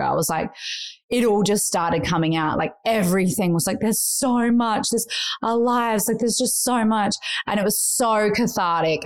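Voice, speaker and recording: A woman's voice: on the low side, creaky. A woman co-hosting a podcast in casual chat, telling emotional, rambling stories. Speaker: podcast co-host. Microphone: remote recording with podcast equipment.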